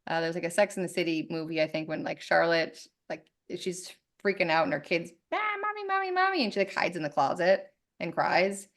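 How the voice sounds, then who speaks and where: A woman's voice: on the low side, a little fast, few pauses. A woman in her thirties, a podcast guest talking candidly and with lots of energy in a casual conversation. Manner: candid, animated, swears freely.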